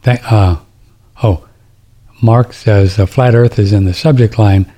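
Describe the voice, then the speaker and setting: Dark husky-voiced talk radio host. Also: male voice, on the low side, fairly even intonation, a little slow. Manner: rambling, indignant, restarts sentences. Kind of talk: casual talk radio monologue.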